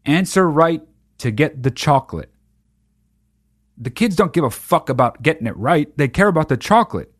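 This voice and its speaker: A man delivers a casual, profane rant with sardonic bite. His pitch rises and falls a lot as he stresses points. The recording is dry and close. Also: moderate pace, no room sound. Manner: sardonic, heavy swearing, lively emphasis. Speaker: monologue speaker.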